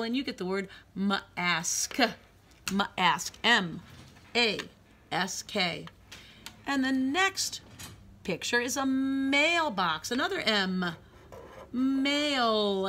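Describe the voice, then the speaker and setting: A woman preschool teacher leading a phonics lesson for young children, sounding out letters slowly in a sing-song way. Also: medium pitch, bright, forceful tone.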